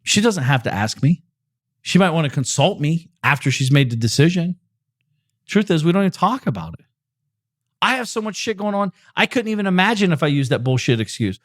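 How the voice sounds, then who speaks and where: Blunt, profane man, slightly high voice. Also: expressive, quick pace. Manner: profane, emphatic, repeats himself. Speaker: podcast host. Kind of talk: blunt motivational monologue. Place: podcast recording.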